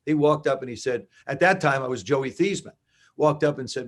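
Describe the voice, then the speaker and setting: A man in his seventies from New Jersey, a guest in an interview, telling animated stories and acting out dialogue. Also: mid-range voice, brisk. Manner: animated anecdotes with acted-out dialogue. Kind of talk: conversational storytelling.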